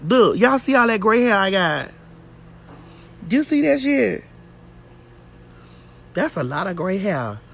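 A woman's voice: mid-range voice, very animated, a little slow, creaky, long pauses, a little hiss or hum. A woman hosting a casual phone livestream outdoors while getting her hair braided, telling a brash, profane story. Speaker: host.

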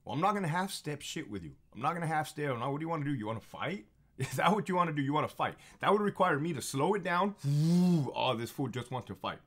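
A fired-up man in his thirties tells his stories in a blunt, profane monologue. He repeats phrases for emphasis. His pitch swings widely as he gets confrontational. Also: sing-song, fast talker, fairly bright tone. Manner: heated and confrontational. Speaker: former prison officer telling stories. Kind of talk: casual monologue storytelling.

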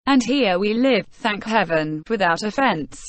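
A man's voice: high voice, expressive, unhurried, no room sound. Small, kindly old peasant soldier as read by a synthetic woman's voice; tender sing-song delivery, folksy and reassuring, audiobook. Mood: soothing. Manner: homely folksy sayings, warmly reassuring.

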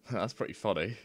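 Young guy, lowish voice, dry close sound; casual commentator who giggles, rambles and swears freely. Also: no room sound. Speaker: YouTuber. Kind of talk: casual screen-recording commentary.

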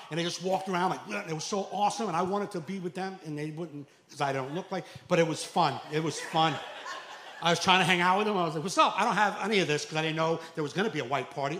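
A man doing a stand-up comedy set, animated and acting out characters with sudden loud outbursts. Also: fairly high pitch, quick pace, a little hiss or hum. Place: comedy club. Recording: echoey club with faint ambience.

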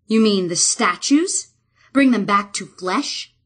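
A woman voicing a confident, loving young male king in an audiobook, steady and assured. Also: medium pitch, slow pace.

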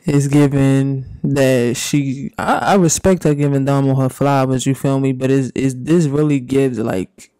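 A man doing casual, profane reaction commentary and reading messages aloud, with drawn-out reactions. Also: medium pitch, mellow, smooth, dry recording. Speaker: commentary YouTuber.

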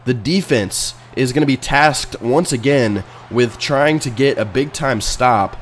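A man talks through his own video game match in a loose, casual play-by-play. His voice sits at an ordinary middle pitch, and he is excitable, dropping into low grumbles and then jumping to loud outbursts. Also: a little slow, few pauses, slight background noise. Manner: excitable, swings from muttering to sudden loud outbursts. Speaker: video game player and channel host. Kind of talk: casual let's-play commentary.

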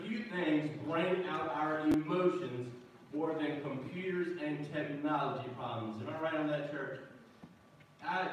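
A pastor with a medium-pitched voice delivers a folksy, joking sermon in a church sanctuary, calling out to the congregation. The recording is echoey, with the mic at a distance and a little hiss or hum.

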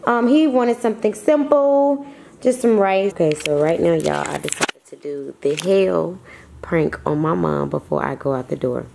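A woman's voice: on the low side, moderate pace, vocal fry, darkish tone, a little hiss or hum. A woman vlogging casually at home, chatty and slangy, laughing often. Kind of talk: casual vlog chat.

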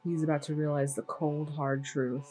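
A woman's voice: low voice, level tone, normal speed, music in the background. A young woman hosting a movie reaction, chatting casually and exclaiming at the film.

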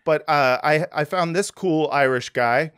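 A man with a somewhat high voice hosts a relaxed podcast interview. He rambles and hesitates, circling back with fillers and false starts as he thinks aloud. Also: measured pace, smooth. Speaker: podcast host. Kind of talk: casual interview chat.

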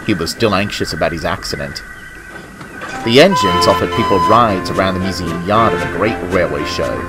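A man narrating a children's storybook tale about engines in a gentle, expressive way. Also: sits low, normal speed. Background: music.

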